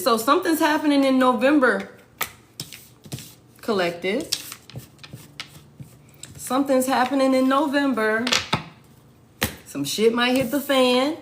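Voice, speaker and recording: A woman's voice: fairly high pitch, background noise. A woman doing a casual tarot reading for viewers, blunt and profane, repeating her points for emphasis. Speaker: tarot reader.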